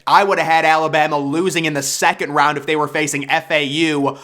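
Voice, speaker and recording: Talking fairly quickly in a steady, sharp, slightly high voice, this young man vlogs casually about his basketball bracket predictions. Hyped and jokey, he plays up being a bracket expert.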